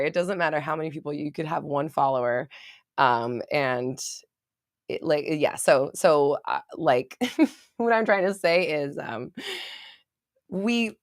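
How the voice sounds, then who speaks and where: A woman's voice: sits low, dry recording. Candid, laughing woman coach in a dry room. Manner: candid, laughing, swears casually, calls viewers baby. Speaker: manifestation coach and online creator. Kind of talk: casual livestream chat reading comments.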